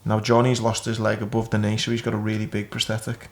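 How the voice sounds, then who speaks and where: A man's voice: on the low side, completely flat delivery, quick pace. A man hosting a podcast, telling crude, funny anecdotes in a casual, chatty way. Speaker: podcast host. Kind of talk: casual chat.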